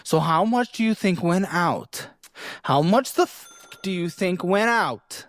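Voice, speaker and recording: A man's voice: high voice, animated, a little slow, no room sound. A man hosting a show that gives financial advice, grilling a guest bluntly with exasperated insults. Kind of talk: confrontational interview.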